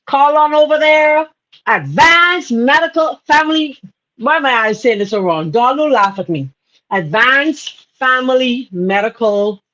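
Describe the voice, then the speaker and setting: A woman's voice: medium pitch, highs cut off. A Bahamian woman hosting a casual live cooking demo in her home kitchen, chatty and laughing often as she greets viewers. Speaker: cooking show host.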